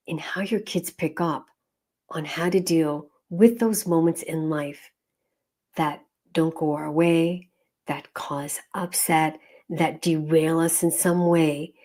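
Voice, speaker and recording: A woman's voice: on the low side, a little mellow. A woman in her fifties, a school counsellor and coach, giving earnest, encouraging advice straight to parents in a direct-to-camera talk.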